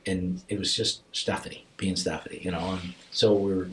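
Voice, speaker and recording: A middle-aged man telling a deeply personal story as a podcast guest, halting and repeating himself as his voice rises and falls with emotion. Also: little pitch movement, poor audio.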